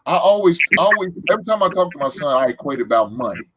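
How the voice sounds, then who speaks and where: A man's voice: fairly high pitch, sing-song, fast talker, noisy background. A man in his forties hosting a podcast, chatting casually in a laid-back, repetitive storytelling way with lots of fillers. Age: 40s. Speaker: podcast host. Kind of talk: casual chat.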